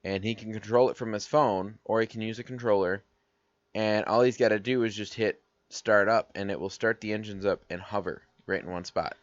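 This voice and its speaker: A man with a fairly low voice chats on a podcast, teasing his co-host with dry remarks. The sound is dull and lo-fi, recorded close with no room echo. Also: fairly even intonation, a little fast. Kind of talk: casual chat.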